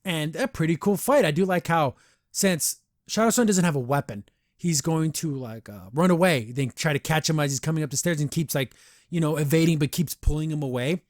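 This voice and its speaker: A man hosting a podcast, reviewing a cartoon episode in an animated, excitable way with many restarts. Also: on the high side, fairly quick, no room sound, clean studio sound. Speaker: podcast host. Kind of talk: casual episode review chat.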